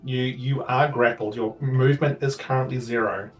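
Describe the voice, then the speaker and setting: A man's voice: medium pitch, fairly even intonation, normal speed, roomy sound. Rambling male dungeon master. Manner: loose, rambling descriptions full of filler words. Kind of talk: narrating a tabletop game. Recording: somewhat distant mic with faint music.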